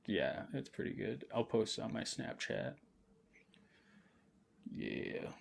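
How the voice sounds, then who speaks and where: A man's voice: on the low side, very animated, slow, gravelly, slight background noise. A young man telling a rambling, profane story on a late-night livestream, laughing often and sounding intoxicated. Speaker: streamer.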